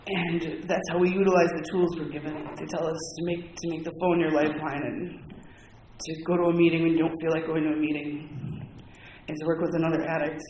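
A man with a fairly high voice gives a heartfelt, candid personal testimony to a roomful of people, talking loosely with lots of "like". The sound is echoey and carries a lot of background noise. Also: little pitch movement, brisk, darkish tone. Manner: candid, heartfelt storytelling with frequent "like". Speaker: recovery meeting speaker. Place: meeting room with an audience. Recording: echoey, noisy room recording.

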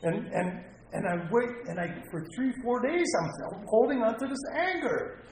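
A man's voice: very high voice, very animated, normal speed, slight background noise. Earnest man sharing at a recovery meeting. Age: middle-aged or older. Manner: heartfelt, rambling, repeats himself, rises to pleading. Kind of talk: personal recovery share. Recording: echoey meeting room with faint ambience.

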